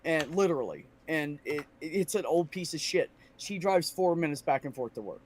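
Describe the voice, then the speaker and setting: A frustrated man in casual podcast chat vents through a story, swearing heavily and mimicking the voices of the people in it. His voice is a little high at a moderate pace, with slight background noise.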